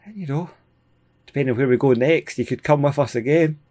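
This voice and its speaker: A Scottish man hosting a gaming video, giving casual, excitable play-by-play with frequent chuckles. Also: medium pitch, fairly quick. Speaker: gaming channel host. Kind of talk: casual let's-play commentary.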